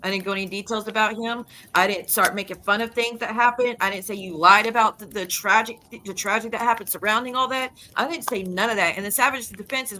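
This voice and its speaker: A woman's voice: medium pitch, fairly even intonation, quick pace, hardly any pauses, bright, forceful tone, a little hiss or hum, poor audio. A woman YouTuber ranting in a casual vlog, heated and blunt, swearing freely and repeating her denials with emphasis. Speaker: YouTuber and live streamer.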